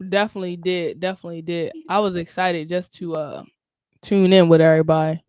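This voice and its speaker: A woman hosting a casual livestream call, talking in a relaxed, slangy way with her co-hosts. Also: on the low side, brisk, smooth, dry recording, studio quality. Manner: slangy, relaxed, talks with friends. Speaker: livestream host.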